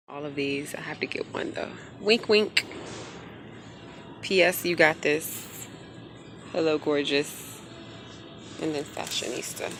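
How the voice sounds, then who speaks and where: A woman's voice: deep voice, slow pace, long pauses. Chatty woman vlogging in a store. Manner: chatty, excitable, thinks aloud. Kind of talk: casual shopping vlog. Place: large home decor store, indoors. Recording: store background music. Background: store music playing.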